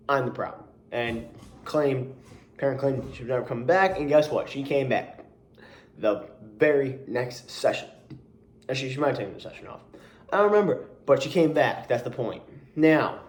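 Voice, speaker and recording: A man's voice: medium pitch, a little mellow. A young man who works as a camp coach, telling a story in a casual vlog, rambling with many restarts and asides and sounding exasperated. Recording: roomy echo.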